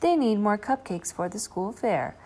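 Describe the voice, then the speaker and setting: A woman voicing a cheerful old granny with a magic bag, fond and brisk with the children, for a storybook reading. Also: medium pitch, big pitch swings, a little mellow. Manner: fond, brisk, calls the children her bonny darlings.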